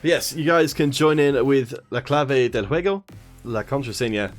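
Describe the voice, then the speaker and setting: With soft music in the background, a man speaking at a moderate pace in a mid-range voice casts a mobile game stream. As an esports caster giving casual commentary, he greets chat viewers by name and jokes about himself.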